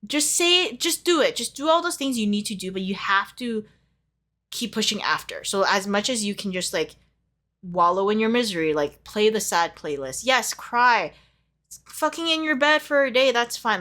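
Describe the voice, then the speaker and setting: A woman's voice: mid-range voice, a bit bright. A young woman giving a casual tarot reading, talking in a heartfelt, emotional way with lots of fillers. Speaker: tarot reader.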